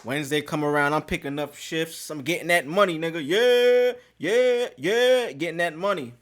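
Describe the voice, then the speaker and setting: A man's voice: a little high, fairly even intonation, fast talker, a bit bright. A man hosting a podcast, telling a story in casual street slang with plenty of profanity. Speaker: podcast host.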